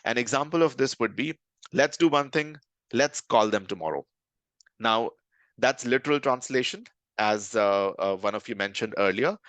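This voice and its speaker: A man leads a live online lesson in a steady, middle-pitched voice. He talks conversationally and keeps checking in with his listeners. The recording is dry and close, with no room sound. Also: normal speed, no echo. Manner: conversational, checks in with "right?" often. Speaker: communication trainer.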